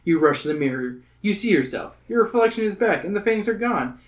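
A young man hosting a podcast, reading a gamebook aloud to friends, swearing and laughing, with animated voices for the characters. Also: a little high, fairly quick, hardly any pauses. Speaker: podcast host.

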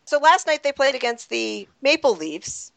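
A woman's voice: high-pitched, very animated, moderate pace, gravelly, a bit bright, dry recording. A woman hosting a casual sports podcast, giggly and rambling, often laughing at herself. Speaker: podcast host.

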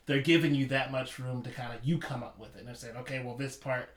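A man's voice: medium pitch, steady tone, quick pace. Man musing aloud in a roomy space. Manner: thinks aloud with restarts. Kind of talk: casual podcast chat. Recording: roomy room sound.

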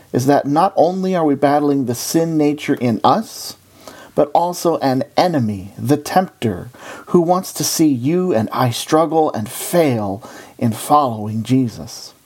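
A preacher giving a sermon in an animated, conversational way. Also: medium pitch.

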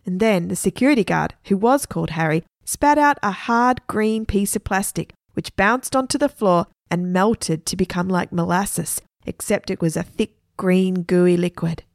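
A woman storyteller reading a children's adventure story aloud with lively expression. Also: mid-range voice, moderate pace, vocal fry, hardly any pauses, dry recording, studio quality.

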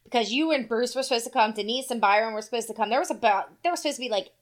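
A woman's voice: a little high, rapid-fire. A woman in her forties co-hosting a casual chat, crude, profane and joking. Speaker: podcast co-host.

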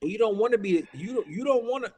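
A man with a fairly high voice rants in a casual podcast chat, heated, profane and emphatic. He keeps repeating himself and throwing in "bruh". A long reverb trails behind his voice. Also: expressive, fast talker, darkish tone. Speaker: podcast talker.

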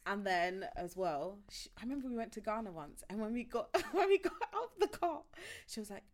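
A woman co-hosts a podcast, chatting casually and telling animated stories while laughing often. Her voice is mid-range, and she talks a little fast with few pauses.

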